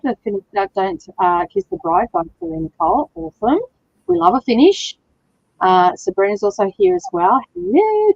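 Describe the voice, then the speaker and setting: A woman's voice: on the high side, no room sound, lo-fi sound. An Australian woman hosting a casual reading livestream, chatty and laughing often as she greets viewers. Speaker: reading sprint host.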